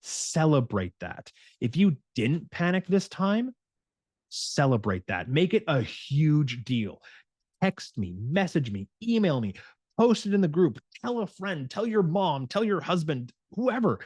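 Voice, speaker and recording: A male fitness coach giving a motivational talk, animated and acting out his clients' inner voices, with frequent restarts and filler words. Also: mid-range voice, unhurried, no echo, clean studio sound.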